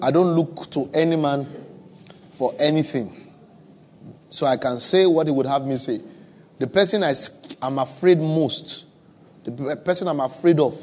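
Speaking to a congregation gathered both in the church and online, a West African-accented preacher keeps things conversational and funny. His voice is mid-range and slightly mellow, and he leans on repeated phrases for emphasis.

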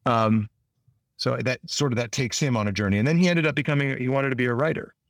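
A man's voice: medium pitch, fast talker, dry recording. A man, an actor being interviewed, telling stories in a rambling, casual way, often restarting his sentences. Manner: rambling storyteller with frequent restarts; acts out quoted lines in lively voices. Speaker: actor guest.

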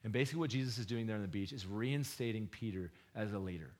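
A man preaching a sermon in a conversational, slangy way, swinging between loud bursts and hushed, low retellings of scripture. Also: quick pace. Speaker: pastor.

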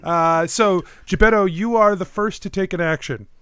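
Casting: male game master, smooth clear tone, dry close sound, relaxed narration. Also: high voice, moderate pace, no echo. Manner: relaxed, hesitant fillers, laughing.

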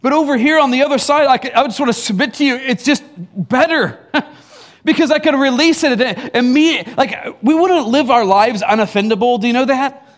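High-voiced man giving a casual sermon. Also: normal speed. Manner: casual and teasing, many fillers and restarts, chuckling asides. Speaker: pastor. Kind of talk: conversational sermon.

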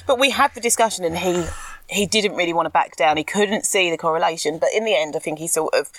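A woman's voice: on the low side, quick pace, a bit bright, dry recording. A woman in casual podcast chat, speaking candidly and animatedly, laughing often and admitting she can be ranty. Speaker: podcast co-host, school anti-racism educator.

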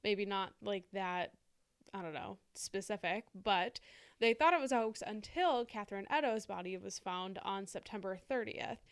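Chatty woman with a smooth clear voice. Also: medium pitch, moderate pace. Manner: chatty, frequent "like" and "um" fillers. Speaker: podcast co-host. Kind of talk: casual conversational chat.

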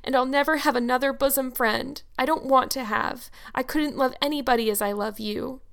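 A woman's voice: high-pitched, fairly even intonation, moderate pace, creaky, a bit bright, clear, resonant tone, pitched above the performer's own voice. A woman voicing a sweet, loyal young girl who speaks earnestly and tearfully in an audiobook. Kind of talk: audiobook character voice.

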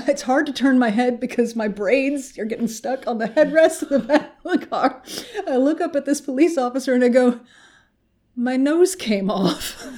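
Laughing woman telling a comic story. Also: on the high side. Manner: animated, laughing, swearing storyteller. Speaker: podcast co-host. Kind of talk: casual chat, comic storytelling.

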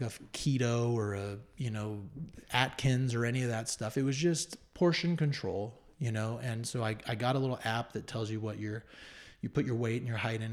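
A man's voice: medium pitch, a little mellow. A man in his thirties earnestly telling a personal story as an interview guest, reflective and candid. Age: 30s. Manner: earnest, reflective, with fillers and restarts.

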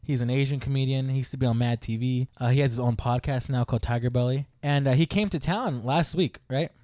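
A man casually telling a story on a podcast, animated and profane, laughing often. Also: mid-range voice, fast talker, no echo, studio quality.

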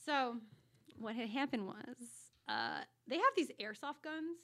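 A woman with a bright, forceful voice pitched a little high tells a story on a podcast. She is animated and swears freely, and she laughs her way through the telling. She is recorded in a studio. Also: unhurried. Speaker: podcast guest. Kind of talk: casual storytelling.

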